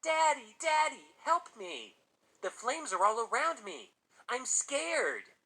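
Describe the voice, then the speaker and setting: A man's voice: extremely high pitch, sing-song, takes it slowly, bright, forceful tone, voice pushed up, exaggerated voice. A man voicing a mocking teenage boy who shrieks in fake terror with put-on child screams. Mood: mock screaming.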